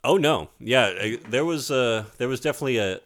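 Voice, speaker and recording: A man co-hosting a casual movie podcast, an animated storyteller who quotes scenes and laughs easily. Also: medium pitch, brisk. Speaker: podcast co-host. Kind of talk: casual movie review chat.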